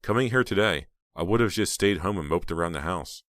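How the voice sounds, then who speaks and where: An excitable teenage girl from a spooky storybook, chattering high and bright, a man reading her part. She sounds eager and a little breathless, and the voice stays dry and close with no room around it. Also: fairly quick, dry recording.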